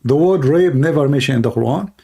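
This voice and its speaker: A man hosts a combative livestream debate, speaking emphatically and challenging his audience. His throat is dry, so he clears it often, and his voice is slightly high, quick, and warm.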